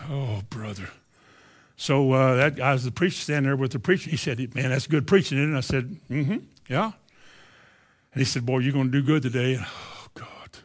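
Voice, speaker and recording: Preacher telling his story. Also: medium pitch. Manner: storytelling, stammers on words. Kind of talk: sermon with personal testimony.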